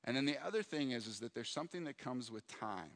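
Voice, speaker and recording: A man's voice: mid-range voice, animated, fast, a bit bright. A man preaching a sermon as a pastor, earnest and reflective, sometimes acting out his own prayers. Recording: hall reverb.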